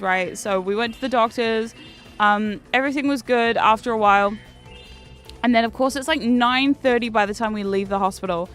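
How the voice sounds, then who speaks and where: A woman's voice: fairly high pitch, fairly bright tone. A woman, chatting casually as a streamer while gaming, swearing freely and laughing often.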